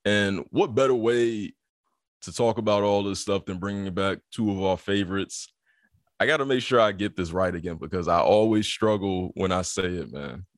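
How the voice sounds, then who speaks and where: A young man with a deep voice hosting a casual sports podcast, laid back, laughing easily and calling everyone "man". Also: normal speed, no room sound, studio quality. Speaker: podcast host.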